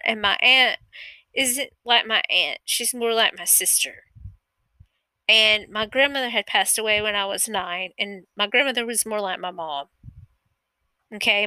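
A woman's voice: mid-range voice, bright, forceful tone, dry recording, low-quality recording. A woman telling a true personal story in a casual, rambling way, often stopping to correct herself and swearing freely.

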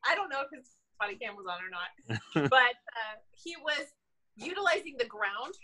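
A woman police officer telling a story in casual chat, animated, laughing often and acting out what people said. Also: a little high, moderate pace.

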